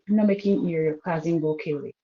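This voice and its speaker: A woman's voice: sits low, quick pace, muffled recording, lightly acted. A Caribbean woman quoting her frightened young daughter, pleading and repeating herself. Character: frightened young girl begging her mother.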